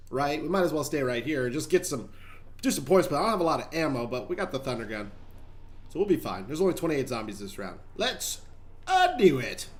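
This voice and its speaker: A man hosting a gaming channel, giving chatty, rambling gameplay commentary and talking straight to viewers. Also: on the high side.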